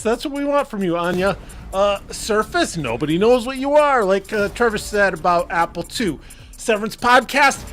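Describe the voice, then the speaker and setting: Excitable swearing man on a wired mic. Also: high voice, normal speed, faint music behind. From Michigan. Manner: excitable, swears freely, laughs often. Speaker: co-host. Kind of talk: casual live show banter. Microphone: wired mic on a short cord.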